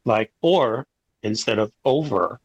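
Man, husky voice, mid pitch, relaxed explainer. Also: slow pace, no room sound, low-quality recording. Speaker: haiku group member. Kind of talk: casual group chat.

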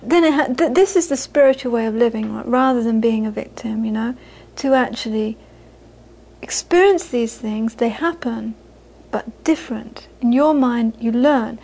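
Speaking live to an audience, this woman teaches Buddhism in a voice on the high side, creaky and darkish with a breathy edge, at an ordinary pace. Earnest throughout, she repeats phrases to stress them and laughs as she tells stories, though the audio is poor.

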